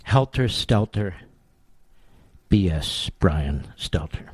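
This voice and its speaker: A man's voice: deep voice, animated, slow, slightly rough, dry recording. A man hosting a political talk radio show, delivering a combative, sarcastic monologue.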